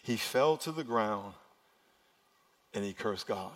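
A man preaching a sermon as pastor, swinging between loud urgent passages and quiet, hushed ones. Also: lowish voice, lively intonation, slow. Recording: long reverb of a large hall.

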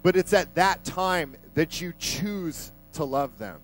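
A man's voice: on the high side, takes it slowly, faint music behind, low-quality recording. A man preaching a sermon in a conversational, emphatic way, vividly retelling a scripture passage.

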